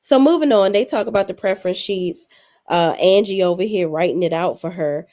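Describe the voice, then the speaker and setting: A woman's voice: on the low side, fairly quick, darkish tone. A young adult woman hosting a casual recap, blunt, sassy and full of swearing. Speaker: reality TV recap host.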